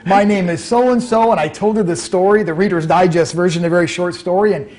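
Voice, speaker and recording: A middle-aged man telling his story as an interview guest, animated and acting out the lines he quotes. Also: high-pitched, a little fast. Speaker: author and guest.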